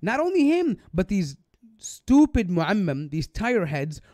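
A man's voice: high-pitched, very animated, a little slow, mellow, dry recording. Mocking male video commentator, dry sound. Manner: mocking, sarcastic, indignant. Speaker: online commentator.

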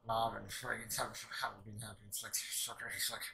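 A man's voice: lowish voice, little pitch movement, fairly quick, vocal fry, sharp tone, low-quality recording. A man hosting an anime reaction channel, talking in a rambling way with stumbles, restarts and frequent swearing. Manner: rambling, stumbling over words, swears often. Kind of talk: casual reaction commentary.

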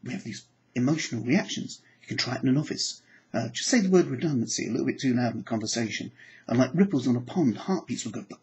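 A man teaching applied psychology to camera, animated and acting out his examples. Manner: animated, acts out examples with sudden pitch jumps. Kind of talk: lecture to camera.

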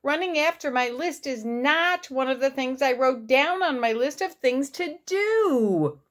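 A woman's voice: sits high, animated, a little slow, fairly bright tone, pitched above the performer's own voice. A woman voicing a fretful male toad in a storybook reading, wailing and panicky. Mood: panicked. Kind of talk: storybook read-aloud.

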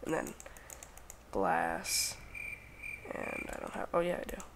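A man's voice: sits low, wildly swooping pitch, takes it slowly, vocal fry, noisy background. A young man hosting a casual game let's play, talking to himself as he crafts and counting under his breath. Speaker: gaming channel host.

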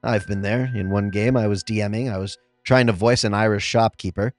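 A man reading out reader-submitted tabletop game stories in a scripted narration, expressive, with pauses for comic timing. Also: on the low side, soft background music. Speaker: story narrator.

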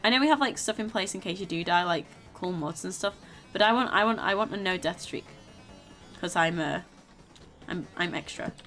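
A tired, low-energy woman streaming a game and chatting casually, rambling and repeating herself as she restarts sentences. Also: expressive, moderate pace, a bit bright, soft background music. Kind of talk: casual gaming stream chat.

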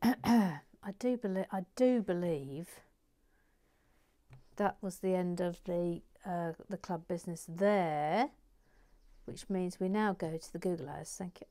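A woman's voice: on the low side, slow pace, long pauses, dark tone. A woman hosting a casual building video, rambling along and dropping into muttered, whispered asides as she works. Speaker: host. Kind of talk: casual chat while building.

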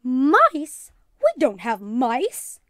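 Reading a storybook aloud, a woman voices a nervous, squeamish mother in a high, very animated voice pitched above her own, delivered a little slowly with an uneasy mood. The recording is dry and studio quality.

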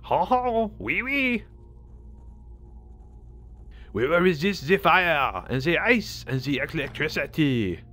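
A man's voice: fairly high pitch, sing-song, unhurried, sharp tone, a little hiss or hum, pitched above the performer's own voice, full character voice. A man putting on a hammy fake-French voice. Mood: mock grand. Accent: mock French. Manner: jokey, over-the-top.

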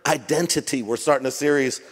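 Joking middle-aged pastor in a hall. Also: male voice, medium pitch, brisk, husky. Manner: joking, conversational preaching. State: jet lagged. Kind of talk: sermon. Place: church auditorium. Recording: long reverb of a church hall.

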